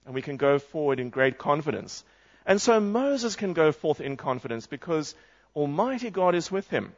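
An earnest man delivers a sermon in a fairly high voice. He reads scripture passages aloud and asks his listeners direct questions. The recording sounds muffled and lo-fi. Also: very animated, normal speed. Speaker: preacher.

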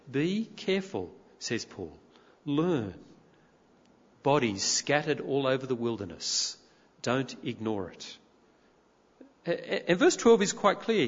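A male preacher delivers a sermon with a lively, animated voice, driving home his points with rhetorical questions. His voice sits on the higher side for a man. The recording is dull and lo-fi, with a long reverb that sounds like a church hall. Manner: rhetorical questions, emphatic and expressive.

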